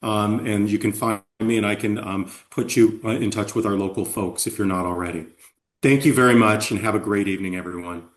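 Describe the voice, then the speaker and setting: A man's voice: on the low side, fairly even intonation, fairly quick. Polite man giving closing thanks. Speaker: company representative closing a webinar. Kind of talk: formal closing remarks.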